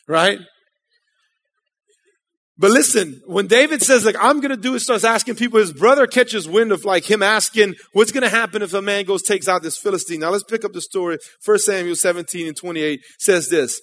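A man's voice: high voice, normal speed, a bit bright. A man preaching a sermon in a church, casual and conversational, calling out to the congregation.

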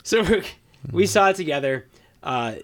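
A man's voice: on the high side, lively intonation, normal speed. Easygoing male podcast co-host. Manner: easygoing, reads plugs and jokes dryly. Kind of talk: casual chat.

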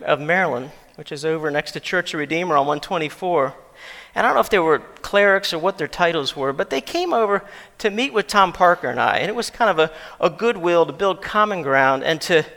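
High, bright male preacher; casual rhetorical-question delivery in a reverberant sanctuary. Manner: conversational storytelling with rhetorical questions. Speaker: pastor. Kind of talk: sermon. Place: church sanctuary. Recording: long church-hall reverb.

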